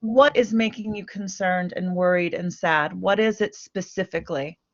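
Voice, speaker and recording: A woman's voice: lowish voice, natural voice. A woman playing a patient family therapist. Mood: guiding. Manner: coaching, repeats okay, rephrases slowly. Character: patient female family therapist coaching mother and daughter. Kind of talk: role-play enactment. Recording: muffled lo-fi recording.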